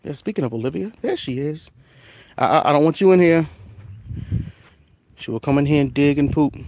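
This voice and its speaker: A man's voice: lively intonation, brisk, a little mellow, a little hiss or hum. Chatty man rambling in his garden. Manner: chatty, rambling, talks to his cats in a high coaxing voice. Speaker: gardening vlogger. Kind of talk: casual vlog talk while gardening. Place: outdoor container garden. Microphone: phone camera.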